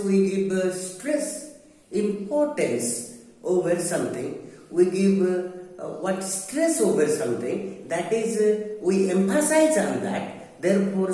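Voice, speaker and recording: A male teacher explaining grammar deliberately, pausing often with hesitations. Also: high voice, dark tone. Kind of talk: grammar lecture. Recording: very echoey room, mic far off.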